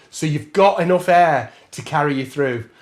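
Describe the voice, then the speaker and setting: A man's voice: fairly high pitch, expressive, measured pace. A man teaching a trombone masterclass, chatting casually, laughing often and scatting rhythms as he counts bars. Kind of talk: masterclass talk with sung counting.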